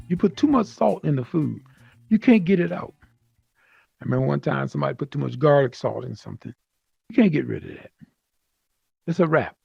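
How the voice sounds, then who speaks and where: Gravelly man giving casual tutorial. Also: on the high side, no room sound, highs cut off. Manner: loose, conversational, uses food comparisons. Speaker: VR video creator teaching audio tips. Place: virtual reality space, voice through headset.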